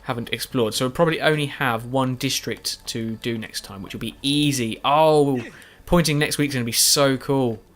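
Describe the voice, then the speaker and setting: Medium in pitch and a bit bright, the voice runs at normal speed with few pauses. It belongs to a gaming YouTuber giving post-recorded video game commentary late at night, tired and yawning, meandering and self-deprecating with many restarts and fillers.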